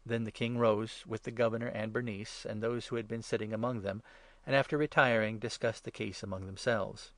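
A man narrating a Bible passage in a measured, steady reading style. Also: on the low side, dry recording. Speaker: reader.

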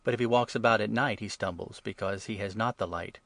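A man reading scripture aloud in a steady, even narration. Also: fairly low pitch, a little fast, gravelly, dry recording. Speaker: reader.

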